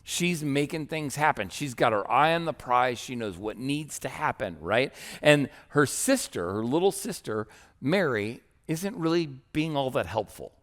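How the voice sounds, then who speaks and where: Man, pastor, sermon, conversational, mid pitch, acts out quotes. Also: lively intonation, unhurried, a bit bright. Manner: conversational, asks "right?" often, acts out quoted voices.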